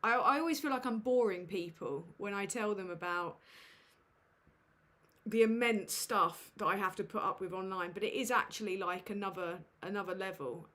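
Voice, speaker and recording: A woman's voice: mid-range voice, a bit bright. A woman chats on her home livestream through a desk microphone, her voice sitting in a middle range. She sounds flustered and self-mocking, trailing off into fillers and swearing casually as she goes. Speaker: livestream host. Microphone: USB desk microphone.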